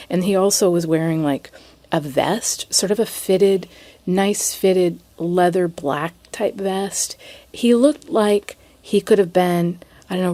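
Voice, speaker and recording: A woman from the United States tells a personal story on her podcast, with a voice that sits a little low. She talks hesitantly, restarting her sentences and dropping into near-whispers. The sound is close and dry, with no room echo. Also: dark tone. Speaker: podcast host.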